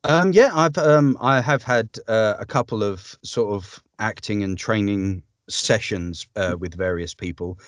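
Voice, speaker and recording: Male voice-over artist; lower voice, dry close sound, chatty and upbeat. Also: measured pace, few pauses, no room sound. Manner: chatty, upbeat, with frequent ums and laughs. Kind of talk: casual interview conversation.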